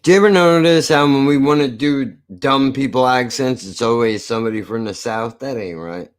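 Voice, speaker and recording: A man's voice: mid-range voice, fairly even intonation, fairly quick, smooth. A man giving casual, rambling reaction commentary while he searches for videos, crude and laid-back. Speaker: watch-along streamer.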